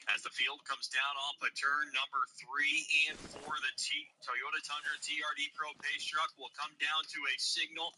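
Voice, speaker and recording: A man announcing a dirt track race, calling out drivers with booming, drawn-out introductions. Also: husky, poor audio. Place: dirt racetrack. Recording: loud engine noise behind.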